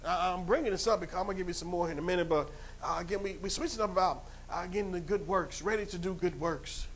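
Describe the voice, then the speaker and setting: A male pastor with a New York accent, preaching a sermon that swings from quiet asides to loud, fervent exhortation, with repeated phrases and frequent fillers. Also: sits high, fast talker.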